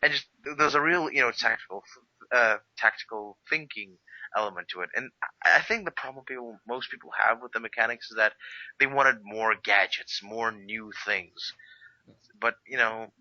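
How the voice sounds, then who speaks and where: Very bright-voiced excitable man. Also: on the low side, moderate pace, dry recording, lo-fi sound. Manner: excitable, acts out quotes in a raised voice. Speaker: co-host of a game review discussion. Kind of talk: casual chat.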